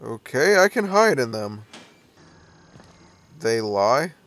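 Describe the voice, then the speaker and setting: Young guy doing horror game commentary, gravelly voice, slow drawl, kinda nervous, little hiss behind. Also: medium pitch, big pitch swings, a bit bright. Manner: nervous, jumpy, laughing it off. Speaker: let's play gamer.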